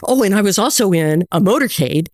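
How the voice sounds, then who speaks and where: An American woman guest telling lively stories in a casual interview, often acting out quoted dialogue. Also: medium pitch, fairly quick, no echo, clean studio sound. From United States.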